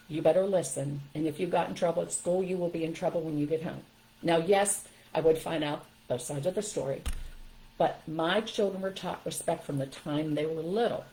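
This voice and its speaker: A woman's voice: low-pitched, mellow, low-quality recording. An older woman giving firm, emphatic parenting advice straight to her viewers in a casual livestream talk.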